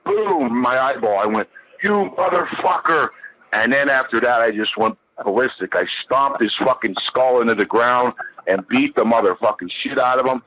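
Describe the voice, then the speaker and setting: A man's voice: medium pitch, normal speed, a bit bright. A man guest telling a long story in a profane, rambling, emphatic way. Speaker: podcast guest. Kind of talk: animated storytelling. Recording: dull lo-fi dry sound.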